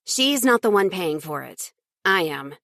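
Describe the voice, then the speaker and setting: A woman's voice: on the low side, very animated, a little slow, vocal fry, a bit bright, dry recording, studio quality, exaggerated voice. A woman voicing a flustered young green witch. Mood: firm.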